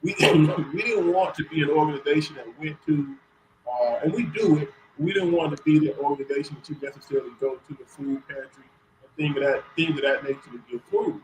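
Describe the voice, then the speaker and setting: A man being interviewed as a community organizer, talking in an earnest, measured way. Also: a little high, a little hiss or hum, low-quality recording. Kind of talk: radio interview answer.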